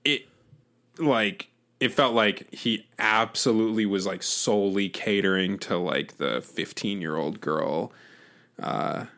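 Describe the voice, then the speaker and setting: A young man with a somewhat low voice tells a story in loose, casual chat. He rambles, piles on fillers and swears freely. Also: takes it slowly, a bit bright.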